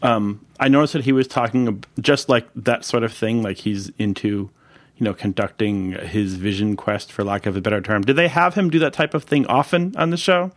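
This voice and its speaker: A man's voice: fairly low pitch, normal speed, dry recording. A man co-hosting casually, adding jokes and asking questions. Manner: joking asides, curious questions. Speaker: podcast co-host. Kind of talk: casual chat.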